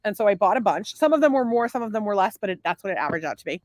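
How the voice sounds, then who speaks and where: A woman's voice: mid-range voice, sing-song, racing, no echo. A middle-aged woman co-hosting a casual married-couple podcast, crude and rambling, laughing often. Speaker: podcast co-host.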